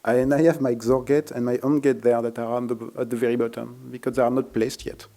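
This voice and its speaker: A man presenting a live technical demo at a conference, speaking haltingly with many fillers and restarts. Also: mid-range voice, flat delivery, creaky, warm tone. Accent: French.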